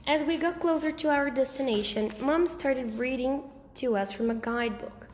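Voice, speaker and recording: A woman reading a children's story aloud in a lively, expressive way. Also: high-pitched, normal speed, hardly any pauses, a little hiss or hum. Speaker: audiobook reader. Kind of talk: storybook narration. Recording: roomy with long reverb.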